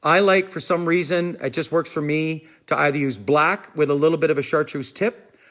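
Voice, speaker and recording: Man, fishing stream host; chatty, rambling, a touch high-pitched. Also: normal speed, fairly bright tone. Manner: rambling, chatty, repeats "I'm telling you". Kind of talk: casual live stream chat, answering viewers.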